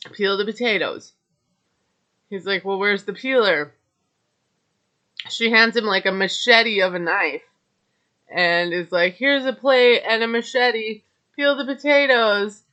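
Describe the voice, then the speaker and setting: A woman recapping a reality episode in a slow, unhurried way, gossiping and passing judgment between her fillers. Her voice is bright and forward, and the recording sounds somewhat dull and lo-fi. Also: mid-range voice. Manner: chatty, gossipy, judgmental asides with filler words. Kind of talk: casual recap monologue.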